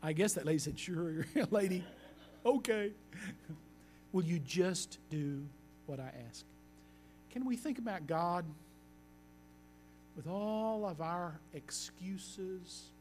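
High-voiced man preaching a sermon. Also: darkish tone, a little hiss or hum. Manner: earnest storytelling, slowing for emphasis. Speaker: pastor.

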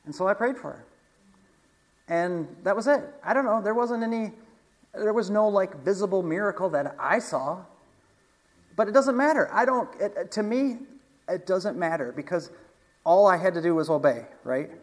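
A man's voice: fairly high pitch, low-quality recording. A man preaching in a casual storytelling manner, chatty, with frequent asides, restarts and laughs.

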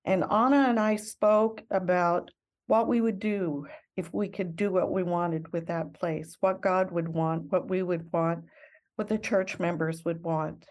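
A woman's voice: on the low side, steady tone, a little slow, a little mellow. An older woman, a missionary guest in an interview, telling her story in an earnest, reflective and heartfelt way.

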